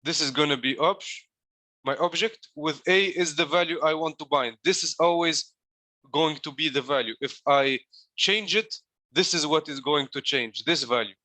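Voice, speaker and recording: A man's voice: on the high side, moderate pace, pushed and bright, no room sound. A man coaching a class through code in a live walkthrough, explaining each step while demonstrating it. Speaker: coding coach.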